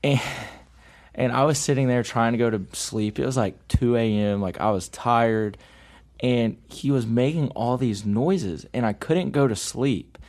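A man's voice: mid-range voice, measured pace, a little mellow. Laid-back young man rambling a story. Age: young adult. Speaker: podcast co-host. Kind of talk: casual storytelling chat.

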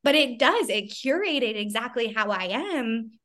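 A woman's voice: on the high side, lively intonation, unhurried, fairly bright tone. A woman hosting a podcast who talks in a reflective, casual way, laughing easily and often saying "you know". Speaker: podcast host.

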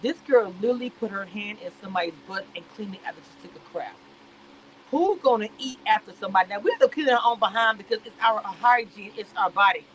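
A woman giving sassy, animated reality-show commentary on a live stream. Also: medium pitch, quick pace, a little hiss or hum, low-quality recording.

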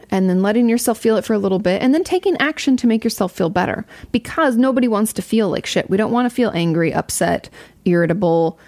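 A young adult woman talks through listener questions in a candid, conversational way, swearing freely. Her voice has a gravelly, fry-tinged edge and sits at an ordinary pitch. The sound is close and dry. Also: darkish tone, dry recording. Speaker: host answering audience questions. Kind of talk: casual advice talk. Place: home.

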